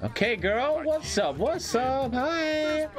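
Young man, game streamer, crude rowdy commentary, high voice, wildly swinging pitch, game music underneath. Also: big pitch swings, slow pace. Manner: swings from shouting to mumbled low asides. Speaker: streamer playing a life-simulation game. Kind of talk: loud crude gaming commentary to chat.

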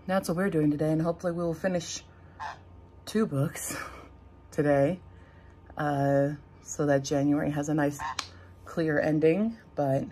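A young woman, hoarse from a sore throat, chatting in a rambling, wry way in a casual vlog at home. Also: low-pitched, darkish tone, slight background noise. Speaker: vlogger. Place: at home indoors.

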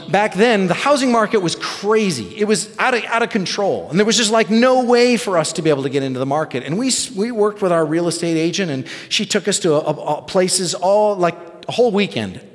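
A middle-aged male pastor telling a story in a sermon, animated and self-deprecating. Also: sits high, in a large hall. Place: church sanctuary.

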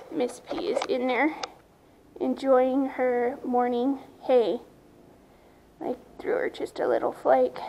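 A woman vlogging outdoors on her farm in a casual, chatty way. Her voice sits a little high and she takes her time, drawing out her words. She turns aside now and then to talk to her animals. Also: warm tone, poor audio. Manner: chatty, talks to her animals between remarks. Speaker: horse owner vlogger.

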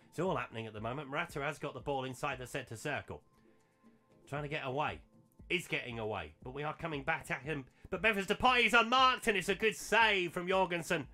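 A man commentating on a football management game he is playing, chatty and animated, with asides to his viewers. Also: on the high side. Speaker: gaming commentator.

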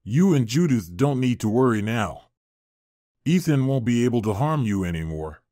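Man reading as a measured lawyer, matter-of-fact, lively pitch. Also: no echo, clean studio sound, lightly acted. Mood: calm. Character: calm reassuring male family lawyer.

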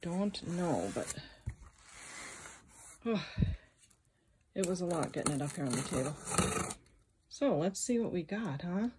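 A woman's voice: lowish voice, measured pace, pauses often, heavy background noise. Chatty woman unboxing with crinkling behind. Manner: chatty and excitable, exclaiming as she unpacks. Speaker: jewelry reseller and channel host. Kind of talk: casual unboxing vlog. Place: indoors at a table, unboxing. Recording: clear crinkling and rustling of packing. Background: clear crinkling and rustling of packing.

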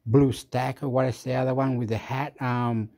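A man's voice: flat delivery, moderate pace, dark tone. Rambling, scattered man. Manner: scattered, jumps between topics, frequent fillers and laughs; makes sound effects like boop and boom. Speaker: host. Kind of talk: rambling casual monologue.

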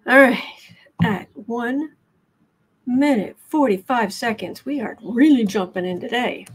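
A woman with a fairly high voice talks through her daily tarot livestream. She chats loosely and rambles, breaking off to answer people in the chat. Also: unhurried, breathy edge. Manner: chatty and rambling, with asides to the chat. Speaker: livestream tarot reader and host.

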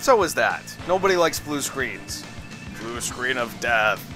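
A man's voice: medium pitch, very animated, a little slow, over music. A tired man doing rambling, sarcastic commentary over a video game. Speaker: let's play commentator.

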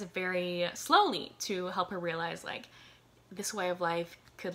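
Young woman in her early twenties, book chat host, low pitched but bright and forceful, rambling and laughing. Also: moderate pace. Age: 22, college student. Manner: rambling, lots of "like" and "um", frequent laughs. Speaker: book reviewer. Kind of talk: casual chatty book recommendations.

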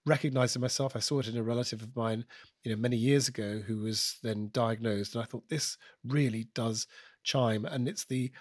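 Husky-voiced British man telling stories. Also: mid-range voice, quick pace, dry recording, studio quality. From United Kingdom. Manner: animated, digressive storytelling with asides. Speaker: guest comedian and impressionist. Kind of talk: podcast conversation.

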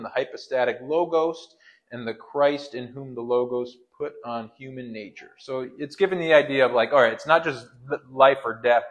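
Man rambling through a casual tutorial. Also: mid-range voice. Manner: relaxed, rambling, many fillers and restarts. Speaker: Bible study teacher.

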